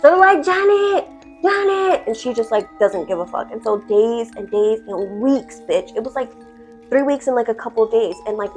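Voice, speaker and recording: A woman's voice: mid-range voice, a little mellow. A woman telling a horror story in casual storytime style, chatty, dramatic and full of swearing.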